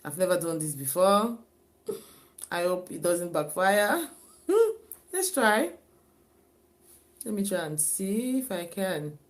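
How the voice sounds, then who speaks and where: A woman's voice: lowish voice, measured pace. A woman chatting casually on her own live stream, repeating herself and often laughing and sighing. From Africa.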